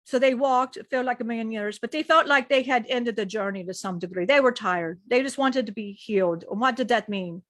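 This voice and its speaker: Higher-voiced woman channeling a being. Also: no echo, clean studio sound. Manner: slow repetitive storytelling, speaking as a male being. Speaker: spiritual channeler. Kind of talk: channeled spiritual storytelling.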